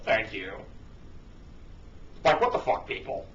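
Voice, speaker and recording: A man of middle pitch reads an article aloud and keeps cutting in with scornful, swearing rants. His voice sits back from a cheap microphone, so it comes through muffled and dull. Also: animated, moderate pace, fairly bright tone. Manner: sarcastic, profane, ranting. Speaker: online commentator. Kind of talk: reading an article aloud with mocking asides. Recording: dull distant lo-fi home mic.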